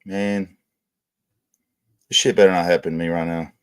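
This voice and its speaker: A man's voice: low-pitched, little pitch movement, normal speed, clear, resonant tone. A man hosting a livestream, ranting crudely and swearing constantly in casual chat. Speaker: livestream host. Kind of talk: casual profane streaming rant.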